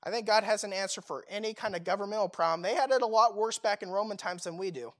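A man's voice: high-pitched, fast. Young guy preaching, chatty, lots of "like" and questions to the crowd. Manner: casual, conversational preaching with fillers and rhetorical questions. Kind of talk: sermon.

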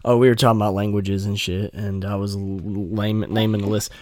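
A man's voice: on the low side, flat delivery, brisk, a little mellow, no echo. A man hosting a podcast, rambling and swearing in casual chat. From North Carolina. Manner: rambling, profane, joking. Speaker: podcast host.

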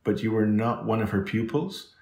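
A frail, anxious gentleman presses his questions with urgency in a storybook reading, voiced by a man with a deep voice. The voice echoes in a roomy space. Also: normal speed, close to an everyday voice. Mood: urgent. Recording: roomy echo.

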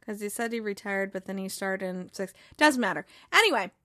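A woman's voice: medium pitch, animated, a little fast, sharp tone, no echo, studio quality. A woman casually recapping a TV episode, rambling and chatty with lots of asides. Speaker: TV recap host.

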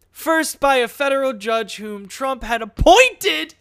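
A man's voice: extremely high pitch, animated, slow, fairly bright tone, clean tone. A young man talking casually about politics, blunt and mocking, swearing often as he reads news aloud. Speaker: political commentary host.

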